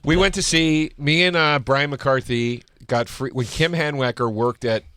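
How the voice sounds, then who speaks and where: A man with a bright, forceful voice tells a story on a casual podcast. He swears freely and breaks into laughter often. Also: medium pitch, a little slow, clean tone. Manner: laughing, profane, animated anecdote telling.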